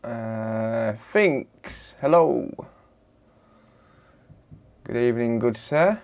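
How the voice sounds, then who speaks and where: Speaking slowly and easily, a man chats casually on a live stream from his repair bench, reeling off viewers' names as he greets them and answering the chat with laid-back banter. His mid-range voice is expressive, with a darkish tone.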